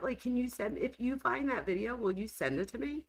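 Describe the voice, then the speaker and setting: A woman's voice: a little high, animated, a little fast, rough recording. A woman hosting a true crime livestream, chatting casually and reacting with exclamations. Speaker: true crime show host.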